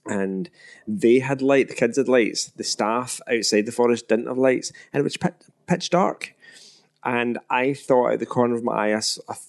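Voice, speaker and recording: A man's voice: medium pitch, moderate pace, vocal fry. A man co-hosting a podcast, chatting casually and telling a story in a reflective, supportive way. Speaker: podcast co-host. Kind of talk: casual chat.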